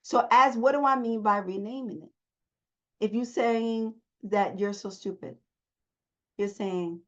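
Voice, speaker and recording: Coaching viewers emphatically, a woman therapist gives a self-help motivational talk in which she repeats her central phrases. She speaks a little slowly in a mid-range voice, and the recording is dull and lo-fi.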